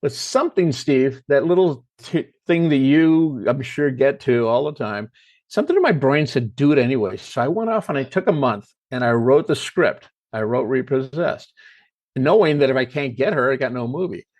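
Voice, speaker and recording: A man's voice: mid-range voice, animated, normal speed, a little mellow, no room sound, lo-fi sound. An older American man, a comedy writer, telling a long story and acting out the voices of the people in it. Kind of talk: storytelling interview.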